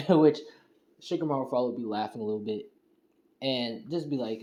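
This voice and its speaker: Rambling young-sounding man, mellow voice. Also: mid-range voice, a little fast. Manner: rambling, heavy on fillers like "you know" and "and stuff". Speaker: fan storyteller. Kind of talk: casual spoken fan-fiction retelling. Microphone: home screen-recording setup.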